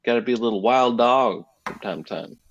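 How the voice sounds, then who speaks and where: A man's voice: mid-range voice, brisk, a little hiss or hum. A man in his thirties in casual chat, giving blunt advice and swearing freely. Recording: dull lo-fi sound.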